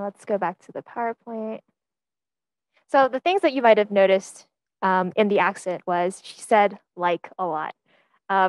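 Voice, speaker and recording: A young woman gives a relaxed class presentation, friendly and chatty, stopping for "um"s and small laughs. Her voice sits in a middle range and sounds dry and close. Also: medium pitch, dry recording. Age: young adult. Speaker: teaching fellow presenting.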